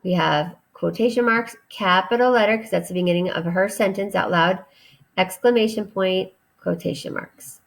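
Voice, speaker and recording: A woman teacher giving a recorded grammar lesson to children, patient and deliberate as she spells out each step. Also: medium pitch, creaky.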